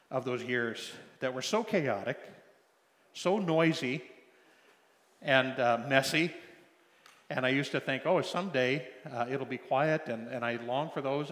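An older man preaching a sermon, telling stories in a folksy way with many pauses and restarts. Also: mid-range voice, a bit bright. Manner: folksy storytelling with frequent fillers and restarts. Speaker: pastor. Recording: long hall reverb.

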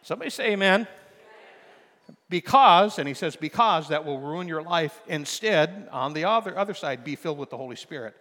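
An older male pastor delivers a sermon in a fairly high voice. He shifts between quiet, conversational storytelling and loud, emphatic preaching. A long reverb trails his words, as in a large church hall. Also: a little fast, hardly any pauses. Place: church sanctuary.

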